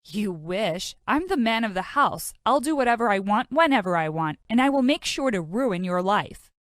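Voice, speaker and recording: A woman's voice: mid-range voice, expressive, moderate pace, no echo, clean studio sound, close to an everyday voice. A woman voicing a bratty, smug teenage twin brother with a taunting, mocking manner.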